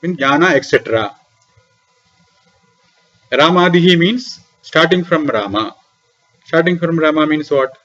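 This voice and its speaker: A man's voice: fairly high pitch, lively intonation, a little slow, long pauses, a bit bright. A man giving a lecture on scripture in a small room beside a temple library. He asks questions and answers them himself, and repeats key terms for emphasis. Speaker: lecturer on Vedic philosophy. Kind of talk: classroom lecture explaining scripture. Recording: dull, lo-fi lecture recording.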